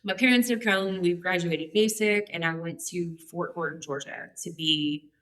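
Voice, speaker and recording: A woman's voice: fairly low pitch, normal speed, a bit bright. A woman in her forties telling her life story as a guest, chatty and humorous with lots of fillers. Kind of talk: candid personal storytelling.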